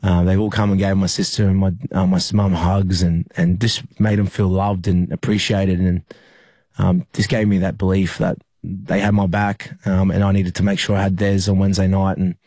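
A young Australian man, a rugby league player, telling a personal story in an interview, halting with many fillers and restarts. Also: sits low, flat delivery, dark tone, no room sound.

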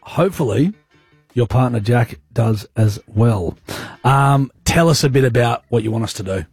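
A man's voice: medium pitch, animated, normal speed, darkish tone, slightly rough, dry recording, faint music behind. An Australian man hosting a radio show, chatting in a blokey, slangy way. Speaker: radio host. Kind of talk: breakfast radio banter.

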